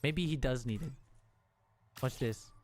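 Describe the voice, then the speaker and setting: A man's voice: medium pitch, measured pace. A man streaming a game, talking casually to himself and the game, frustrated and joking as he builds. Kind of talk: casual gameplay commentary.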